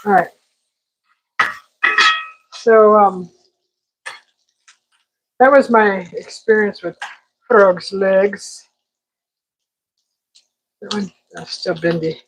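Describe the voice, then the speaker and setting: A woman hosts a live cooking stream from her kitchen, chatting away and joking with the food on the stove. Her voice sits at a middle pitch. Faint kitchen noise runs underneath. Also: steady tone, very slow, long pauses, low-quality recording. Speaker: cooking show host. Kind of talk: casual live cooking chat. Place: home kitchen.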